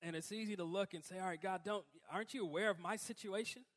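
A man preaching a sermon in a conversational way, breaking into emphatic, louder outbursts. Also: sits high, fast. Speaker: pastor.

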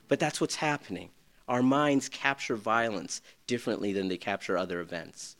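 A man preaching a sermon, swinging between loud, urgent passages and hushed, near-whispered ones. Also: fairly low pitch, moderate pace. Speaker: pastor.

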